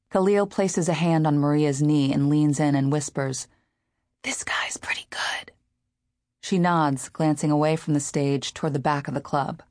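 A woman narrating a literary novel as an audiobook reader, in a measured, unhurried way. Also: deep voice, a little mellow, no echo, clean studio sound.

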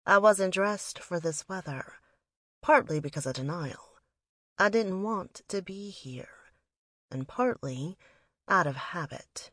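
A woman's voice: on the low side, animated, takes it slowly, long pauses, a bit bright, no echo, clean studio sound. A woman reading a first-person story aloud in a reflective, wistful manner. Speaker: audiobook narrator. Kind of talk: first-person scripted narration.

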